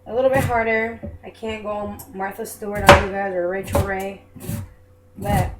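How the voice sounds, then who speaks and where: A woman's voice: medium pitch, little pitch movement, moderate pace. A young woman chatting casually as she preps food in her home kitchen, self-deprecating and apologetic as she goes. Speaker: home cook vlogger. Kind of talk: casual cooking demonstration. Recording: echoey kitchen with background noise.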